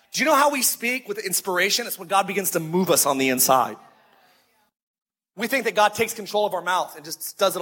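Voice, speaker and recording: A male preacher with a high, bright voice and a husky edge. He tells stories casually and slows down hard on the lines he wants to land. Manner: conversational storytelling with emphatic slowed phrases. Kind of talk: sermon.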